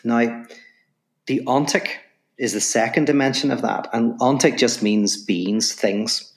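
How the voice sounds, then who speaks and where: A man who is a philosopher and guest on a podcast interview, telling a story and explaining ideas in quick, animated bursts with frequent "right?" asides. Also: medium pitch.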